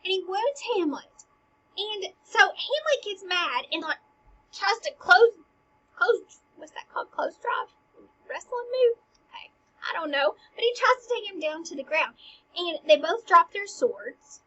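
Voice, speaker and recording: A woman's voice: extremely high pitch, very animated, a little slow, bright, forceful tone, poor audio. A woman, as a teacher, chattily retelling a stage play in everyday words, laughing and saying "like" often.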